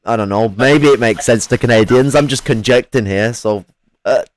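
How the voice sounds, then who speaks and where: A man's voice: mid-range voice, normal speed, slight background noise, rough recording. Rambling, sweary man. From English Midlands. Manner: rambling, sweary, laughs often. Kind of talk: casual chat.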